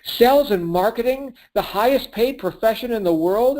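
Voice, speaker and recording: A man's voice: a little high, a little mellow, rough recording. A man giving an emphatic motivational pep talk as a business coach on a group call, laughing at his own points.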